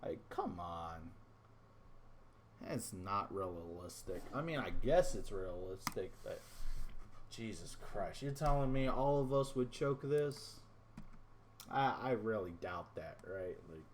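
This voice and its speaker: A male gaming YouTuber rants to his viewers about a simulation, with a middle-pitched voice. He swears freely and rambles in casual frustration. A faint hiss of noise sits under the recording. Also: measured pace, a little mellow. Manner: addresses viewers as "boys". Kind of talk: casual gameplay commentary.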